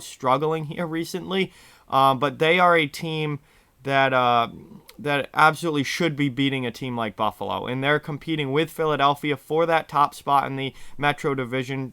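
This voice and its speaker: A man hosting a hockey picks show in a casual, chatty way, talking straight to viewers, his voice hoarse from yelling. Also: medium pitch, dry recording. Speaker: sports picks show host.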